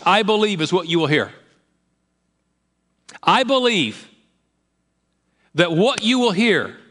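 Emphatic male preacher, loud to hushed. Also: high-pitched. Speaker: pastor. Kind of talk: sermon.

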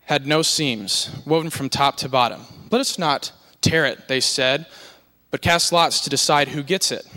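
Guy reading scripture, bright pushy tone, trips on words, long echo like a church. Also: fairly high pitch. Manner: earnest, stumbles on a few words. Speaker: scripture reader. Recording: long hall reverb.

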